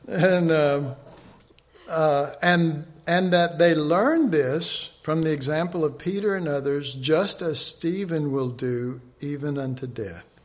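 A man teaching an informal Bible study, rambling and conversational, with many restarts, often dropping to a soft, earnest hush. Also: a little high, slow pace.

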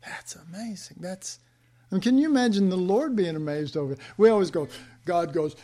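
A man preaching a sermon, swinging from hushed whispers to loud emphasis, with folksy, chuckling asides. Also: sits high, brisk.

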